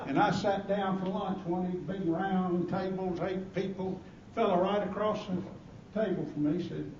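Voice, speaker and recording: A man's voice: high voice, fairly even intonation, normal speed, a little mellow, slight background noise. A man with a Southern US accent giving a humorous after-dinner speech, telling folksy stories and jokes. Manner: folksy, joking storyteller. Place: banquet hall at a gala dinner. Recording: roomy, distant, muffled hall recording with crowd.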